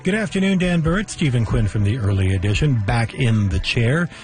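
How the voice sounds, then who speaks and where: A male radio host reads a scripted promo in a brisk announcer delivery. His pitch is ordinary, with faint music underneath. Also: expressive.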